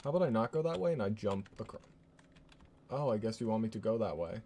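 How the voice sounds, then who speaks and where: A man's voice: on the low side, lively intonation, quick pace, mellow, a little hiss or hum. A man streaming a game, giving casual, joking commentary and laughing often.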